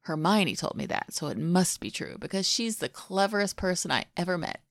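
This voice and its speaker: A woman reads a protective godfather soothing a scared child. He speaks softly and kindly. Her voice is low, with a gravelly rasp, recorded dry and close. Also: expressive, moderate pace, dry recording. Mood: tender. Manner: gentle, murmuring with a child. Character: adult man, protective godfather, tense but tender.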